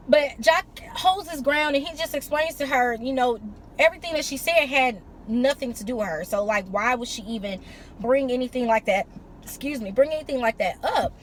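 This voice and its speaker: A woman's voice: high voice, a bit bright, slight background noise. A woman recapping a reality TV episode in a casual, chatty way, mixing summary with blunt, sassy opinions. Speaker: reality TV reviewer.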